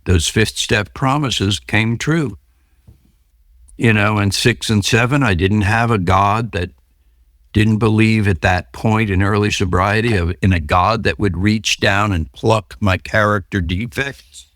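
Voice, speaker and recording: In clean, studio-quality sound with no room echo, a man with a fairly low, fairly bright voice speaks at a measured pace. As a podcast guest interviewed about his recovery, he tells stories and acts out the voices of the people in them.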